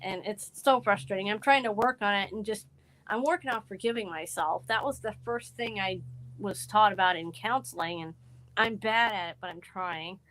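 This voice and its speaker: A woman's voice: medium pitch, moderate pace, a bit bright, low-quality recording. A woman speaking as a guest on a live podcast, rambling earnestly with frequent "like". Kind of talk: casual live podcast chat.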